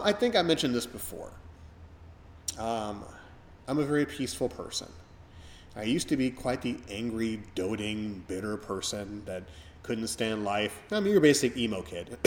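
A middle-aged man hosts a casual podcast chat in a lowish voice. He rambles and reflects, with many fillers and restarts. A faint hiss sits under the recording. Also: animated, normal speed. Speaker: podcast host.

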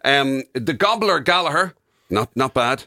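A man's voice: medium pitch, expressive, measured pace, pushed and bright, no room sound, studio quality. A man with an Irish accent, co-hosting a podcast and riffing on silly nicknames in casual banter. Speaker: radio show co-host.

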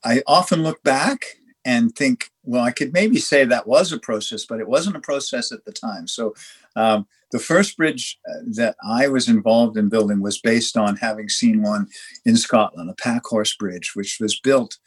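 A man from Canada, a dry stone waller guest, telling stories in a halting way with many restarts and lively quoted dialogue. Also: medium pitch, husky. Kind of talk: conversational storytelling.

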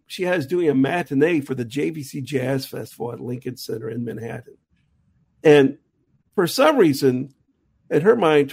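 As a conversation guest, a middle-aged jazz musician who tours and teaches at a college tells a loose, rambling story full of restarts. His mid-range voice sounds gravelly, husky, and a little mellow.

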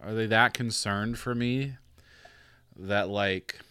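Casual storytelling man with a lowish voice. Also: takes it slowly, smooth, no room sound, clean studio sound. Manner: animated, acts out quoted voices, laughs often. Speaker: podcast host.

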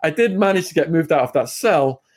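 A man's voice: a little high, expressive. An English man, a guest in an interview, telling a story in a vivid, conversational way. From England. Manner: vivid retelling, brisk and conversational.

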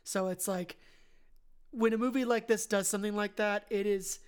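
A woman co-hosting a podcast, talking casually about a film, earnest and emotional, halting when moved. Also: medium pitch, steady tone, a little mellow, smooth. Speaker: podcast co-host. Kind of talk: casual film review chat.

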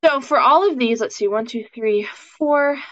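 This scholarship coach has a fairly high voice and a moderate pace as she leads a student through a live session. Casual and chatty, she leans heavily on "like" and "um." The recording is dull and lo-fi, with no room sound.

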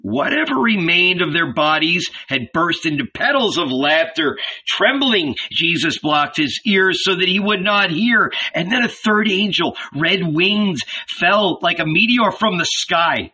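Slow, solemn male audiobook narrator. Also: high voice, animated, bright, forceful tone, slightly rough. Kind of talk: scripted narration. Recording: dull lo-fi recording.

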